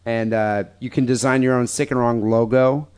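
A man's voice: mid-range voice, fairly even intonation, moderate pace, darkish tone, clean tone. A man hosting a podcast, reading listener emails aloud with crude, profane, joking banter. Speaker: podcast host.

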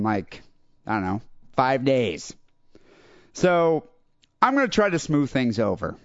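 A young adult man hosting a podcast, telling a rambling story in a casual, animated way and acting out other people's lines. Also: on the high side, no echo. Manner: animated, quotes people in raised voices. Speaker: podcast host. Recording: dull lo-fi dry podcast audio.

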